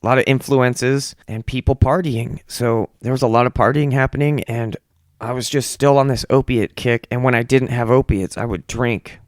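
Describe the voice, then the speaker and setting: A man's voice: mid-range voice, steady tone, moderate pace, no room sound, clean studio sound. A young man hosting a podcast who tells stories in a loose, profane way and acts out the voices of the people in them. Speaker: podcast host. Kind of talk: casual storytelling monologue.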